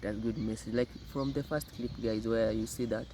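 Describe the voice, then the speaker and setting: Mellow-voiced man hosting a reaction video. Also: fairly low pitch, fairly even intonation, a little hiss or hum, rough recording. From Kenya. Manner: unhurried, repeats words often. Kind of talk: casual commentary.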